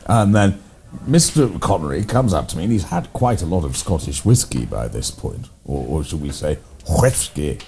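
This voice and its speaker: A deep, warm-toned English man tells ridiculous stories in a rambling, deadpan way. His voice swoops up and down with lively emphasis. It sounds like an improvised comedy conversation between old club members. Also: normal speed, slight background noise. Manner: rambling, deadpan tall tales told with relish. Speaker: co-host playing a gentleman's club character.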